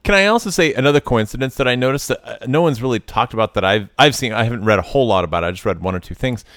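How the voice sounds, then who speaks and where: A man's voice: medium pitch, expressive, very fast, a bit bright, dry recording, clean studio sound. A man co-hosting a podcast, casually picking apart a film with wry teasing and mock-voiced quotes. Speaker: podcast co-host. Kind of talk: casual movie-review chat.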